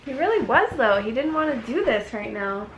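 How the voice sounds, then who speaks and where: A woman's voice: high voice, big pitch swings, brisk, slight background noise. A woman co-hosting a food-tasting vlog, chatting in a playful, giggly way. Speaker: vlog co-host. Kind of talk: casual food-tasting chat.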